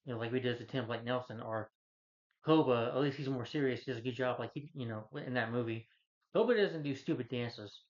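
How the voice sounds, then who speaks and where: A man's voice: mid-range voice, a little fast. A man rants casually through a film review, rambling as he retells scenes and acts out the characters' lines. His voice sits in a middle range. The recording sounds slightly dull and lo-fi. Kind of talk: casual spoken movie rant.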